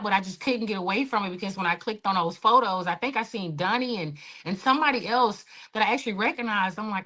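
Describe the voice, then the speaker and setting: Lady on a podcast, super passionate, animated story. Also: medium pitch, quick pace, few pauses. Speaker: guest, hike organizer. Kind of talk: podcast interview, personal story.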